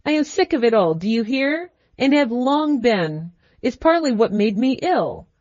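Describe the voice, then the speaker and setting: A woman's voice: on the high side, very animated, unhurried, darkish tone, no echo, highs cut off. A woman voicing an irritable, proud young male student, with clipped, bitter speech. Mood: irritated.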